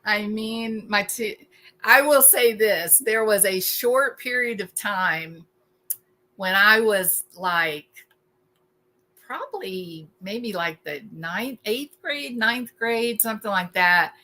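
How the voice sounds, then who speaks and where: A woman in her forties hosting a casual livestream, animated and wry, laughing often as she reacts to chat. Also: medium pitch, slow. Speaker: host.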